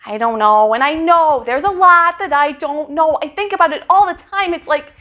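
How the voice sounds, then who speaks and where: A woman's voice: sits high, moderate pace, sharp tone, highs cut off. A woman performing a dramatic monologue in a wry, conversational, hesitant way.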